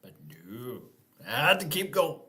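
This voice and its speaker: A man's voice: a little high, very animated, a little slow, sharp tone. A man hosting a casual live-stream Q&A, talking in an easygoing, rambling way and thinking aloud.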